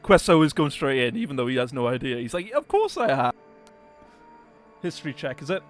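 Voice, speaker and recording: A man playing a tabletop game casually, brisk and joking. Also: mid-range voice, soft background music. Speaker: player.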